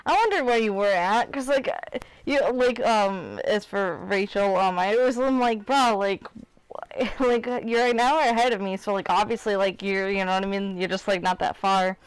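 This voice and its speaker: A young woman in her twenties from Illinois chatting on a live stream. Her voice is smooth and clear, and the sound is dry and close. She talks in loose, rambling runs full of fillers, open and candid with her viewers. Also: medium pitch, moderate pace, no echo. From Illinois, United States. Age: 20s. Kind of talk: casual live-stream chat.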